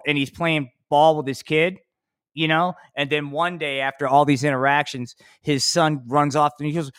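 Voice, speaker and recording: A man's voice: on the high side, normal speed, a bit bright, no echo, studio quality. A man co-hosting a podcast in casual chat, laid-back and drawling, filling his talk with "man" and "you know.". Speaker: podcast co-host.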